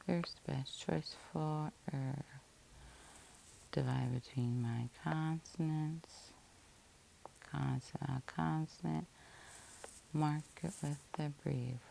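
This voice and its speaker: A woman's voice: low-pitched, steady tone, slow, gravelly, long pauses, dark tone, slight background noise. A woman teacher giving a patient, methodical phonics lesson, breaking words into syllables and spelling them out letter by letter.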